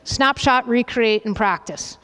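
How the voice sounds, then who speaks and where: Brisk woman coach in an echoing hall. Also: a little high. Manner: brisk, directive, checks in with frequent "okay?"; calls out commands loudly. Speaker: soccer coach running a goalkeeping demonstration. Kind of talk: on-field coaching demonstration. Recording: reverberant hall, voice from a distance.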